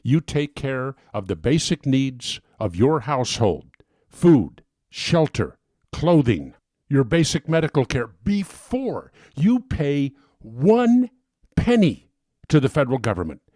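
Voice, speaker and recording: A man's voice: medium pitch, very animated, slow pace, mellow, no echo, clean studio sound. A man hosting a talk show, delivering an impassioned monologue that keeps building into emphatic bursts. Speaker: talk radio host. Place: home studio.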